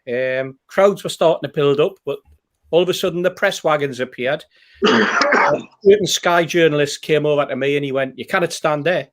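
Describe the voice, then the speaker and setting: A man's voice: fairly high pitch, normal speed, a bit bright. A man, telling a rambling, anecdotal story in casual chat as a podcast host. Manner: rambling, anecdotal, with fillers and repeats.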